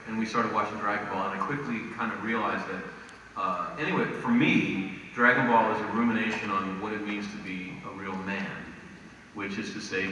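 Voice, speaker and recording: A man telling stories at a fan convention panel, lively and laughing, acting out quotes. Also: lowish voice. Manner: animated, laughing, acts out quotes. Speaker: convention panel guest actor. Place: large convention hall. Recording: echoey hall from far off, noisy.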